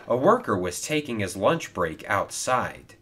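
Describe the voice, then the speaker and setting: A man's voice: fairly low pitch, very animated, a little slow, fairly bright tone, husky. Man reading a children's story. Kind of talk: storybook narration.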